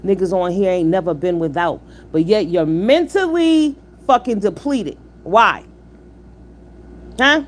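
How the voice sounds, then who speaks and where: In her 50s, this livestream host speaks in a mid-range, animated voice without hurrying. She's blunt and profane, shouting out her chat, firing rhetorical questions and lecturing viewers in her commentary.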